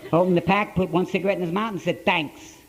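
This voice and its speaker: An older man with an Ohio accent tells his story in a gruff, blunt working-man way. His voice sits a little high for a man, and he hammers points home by repeating phrases. He is speaking live to a conference crowd. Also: fairly even intonation, fairly quick, low-quality recording. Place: conference hall, live talk to an audience.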